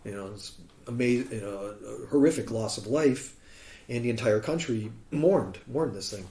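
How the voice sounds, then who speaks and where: A man from Chicago, a guest musician on a podcast, telling a story in a lively way and acting out what people said. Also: medium pitch, normal speed. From Chicago, USA. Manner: animated storyteller who acts out quoted speech. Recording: roomy echo.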